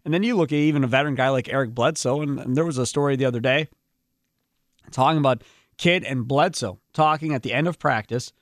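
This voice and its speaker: A man's voice: mid-range voice, fast talker, dry recording, clean studio sound. A man hosting a sports radio show, talking casually and rambling with restarts.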